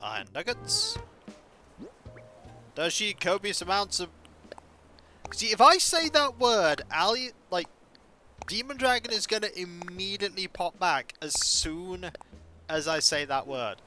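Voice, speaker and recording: A man's voice: high-pitched, big pitch swings, unhurried, long pauses, sharp tone. A man chatting wryly to his viewers while playing a game on a live stream. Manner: chatty, wry, talks to chat while playing. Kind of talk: casual live-stream commentary. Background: faint game music.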